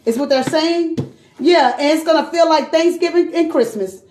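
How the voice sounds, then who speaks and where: Woman, tarot reader, high voice, blunt, swears, casual, echoey room. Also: normal speed, darkish tone, a little hiss or hum. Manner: chatty, blunt, swears freely, calls listener queen and sis. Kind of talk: casual live tarot reading.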